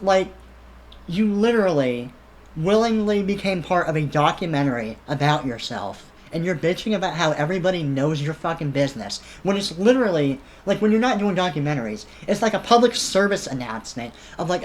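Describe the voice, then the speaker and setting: A commentator tears into the subject in a heated, profane reaction rant. The delivery is sarcastic, with a pitch that swings widely around a middle register. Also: animated, normal speed, slight background noise. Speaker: online commentator.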